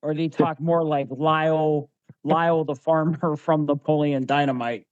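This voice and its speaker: A man in casual podcast chat, halting and repeating words as he starts his sentences. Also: fairly high pitch, fairly even intonation, a little mellow, clear, resonant tone, muffled recording.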